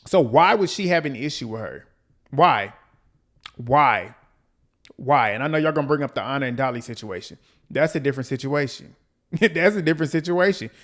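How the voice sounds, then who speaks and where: A man hosting a reality TV recap, ranting in a blunt, profane, animated way and repeating lines for emphasis. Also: mid-range voice, normal speed. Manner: quotes people in mimicking voices. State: out of breath. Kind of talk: casual commentary recap.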